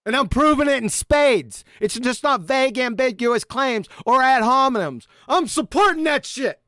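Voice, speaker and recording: A man ranting sarcastically at a critic, swearing heavily and swinging between loud jabs and low mutters. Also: lively intonation, normal speed, no echo, clean studio sound. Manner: sarcastic, insulting, heavy swearing. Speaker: YouTube debunker. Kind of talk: profane mocking rant reacting to a critic.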